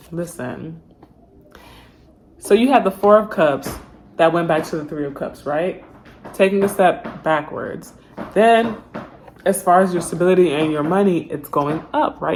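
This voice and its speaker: Low-voiced chatty woman reading tarot. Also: a little mellow, slight background noise. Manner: chatty, slangy, talks straight to viewers. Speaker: tarot reader. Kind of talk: casual tarot reading to camera.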